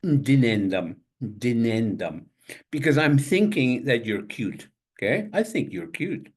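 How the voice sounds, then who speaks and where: An older man teaching a language class over a video call, saying each word slowly several times and spelling it out letter by letter. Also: medium pitch, big pitch swings, breathy edge. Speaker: language instructor. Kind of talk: online language lesson.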